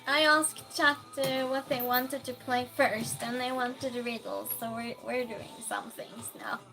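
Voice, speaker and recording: A woman streamer chatting casually with her viewers, reading out their comments, laughing often and calling out loud greetings. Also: a little high, fairly even intonation, measured pace, creaky, music in the background.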